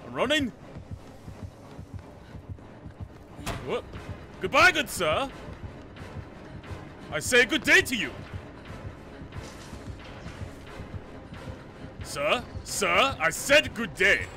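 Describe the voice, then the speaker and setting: A man putting on a pompous posh English gentleman. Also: sits high, sing-song, slow, long pauses, voice pushed up, heavily acted. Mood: haughty. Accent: put-on posh English. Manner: florid, mock-formal and exclamatory. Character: pompous posh old-fashioned English gentleman, haughty and theatrical. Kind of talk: comic role-play while streaming a game. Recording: game music behind the voice.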